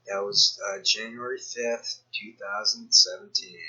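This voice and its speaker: A man's voice: medium pitch, sing-song, a little slow, bright, forceful tone, husky, muffled recording. A man giving rambling, sarcastic commentary as a YouTuber, full of mocking asides and digressions. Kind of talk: rambling screen-share commentary.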